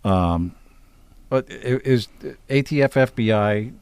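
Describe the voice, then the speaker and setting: A man co-hosting a casual podcast, a lively storyteller who laughs often. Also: on the low side, slow pace, clear, resonant tone, no room sound. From Pennsylvania, United States. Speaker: podcast co-host. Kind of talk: casual chat.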